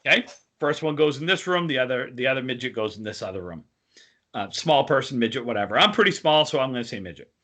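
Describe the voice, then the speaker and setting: A man's voice: mid-range voice, lively intonation, quick pace, bright, forceful tone. A man co-hosting a podcast, telling crude jokes in casual banter. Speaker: podcast co-host. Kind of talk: casual chat.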